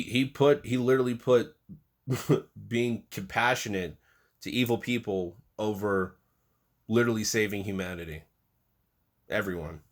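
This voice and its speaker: A man in an angry political rant, profane and exasperated, mocking and swinging between loud outbursts and low muttering. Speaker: political commentator.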